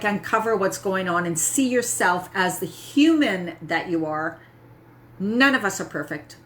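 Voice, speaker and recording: A middle-aged woman coach speaks in a fairly low voice, candid and self-mocking, checking in with her listeners as she goes. A faint hum of room sound sits behind her. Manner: candid, self-mocking, frequent "right?" asides. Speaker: health coach. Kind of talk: casual talk to camera.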